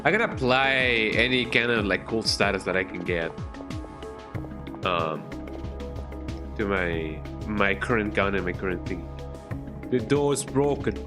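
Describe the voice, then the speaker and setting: Male streamer, casual commentary, rambling, low-pitched, loud game music underneath. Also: unhurried, long pauses. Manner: rambling, many restarts.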